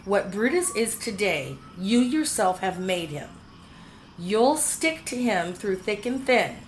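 A woman's voice: medium pitch, very animated, slow pace, a little hiss or hum. A woman voicing a stern spinster sister who speaks sharply and gives orders. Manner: sharp, commanding.

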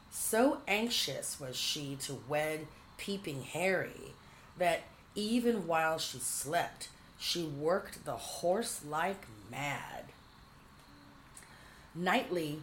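A woman narrating a whimsical storybook in a measured, dryly humorous way. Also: on the low side, slight background noise, poor audio.

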